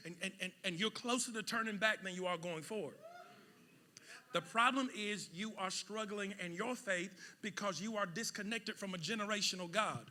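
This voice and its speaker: A pastor preaching a sermon, swinging between loud shouted peaks and quiet asides. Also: male voice, sits high, moderate pace. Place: church sanctuary with congregation.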